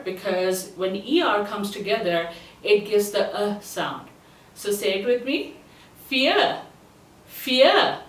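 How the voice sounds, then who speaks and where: A woman teaching a language lesson as a tutor, pronouncing each word slowly and having listeners repeat after her. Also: medium pitch, roomy sound, far from the mic, rough recording. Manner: slow, deliberate pronunciation drills. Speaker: German tutor.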